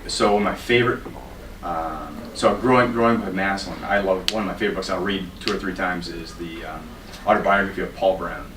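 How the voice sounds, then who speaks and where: A man's voice: low voice, fairly quick, background noise. A middle-aged man, a school principal, answering interview questions casually with hesitant fillers. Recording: echoey room from far off.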